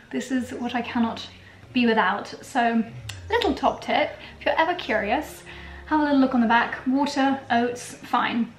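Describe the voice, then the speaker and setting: A young British woman vlogging in her home kitchen, chatty and giggly, playful with made-up words. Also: a little high. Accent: British English. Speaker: lifestyle vlogger. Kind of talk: casual kitchen vlog chat. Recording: roomy kitchen echo, faint background noise.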